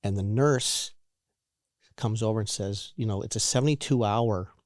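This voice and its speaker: A man in his forties telling his own recovery story in a halting, candid way, often repeating words and restarting. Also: lowish voice, darkish tone, no room sound, clean studio sound. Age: 40s. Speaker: guest sharing recovery story.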